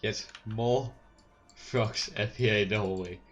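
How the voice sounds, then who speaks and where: Deep-voiced male game master. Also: steady tone, takes it slowly, a bit bright, lo-fi sound, slight background noise. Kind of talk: running a tabletop game.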